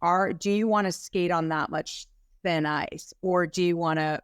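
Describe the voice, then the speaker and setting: A woman practitioner speaking as an interview guest, excited and fired up, with frequent "like" fillers. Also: fairly low pitch, measured pace, clear, resonant tone, no echo, clean studio sound. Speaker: guest health practitioner and educator. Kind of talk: casual interview talk.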